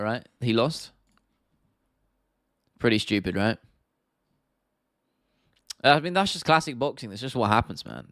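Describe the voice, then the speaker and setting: A man's voice: lowish voice, fairly bright tone, no echo, studio quality. Chatty young London man reading live comments. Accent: London English. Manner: chatty, reads and answers viewer comments, frequent restarts and "man", "bro", "mate". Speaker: livestream host. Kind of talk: casual livestream Q&A chat.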